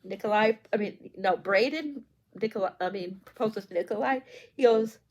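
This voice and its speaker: A woman's voice: medium pitch, normal speed, poor audio. A woman chatting casually as she reviews a book, gushing and effusive, a little teary. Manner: gushing, effusive, many fillers.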